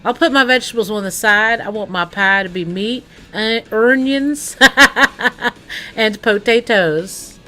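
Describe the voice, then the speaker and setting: A woman streamer with a bright, forward voice chats loosely with her audience. She rambles from thought to thought and keeps turning to talk to the viewers directly. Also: mid-range voice, unhurried, faint music behind. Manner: rambling, chatty, addresses chat directly. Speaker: livestreamer. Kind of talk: casual stream chat.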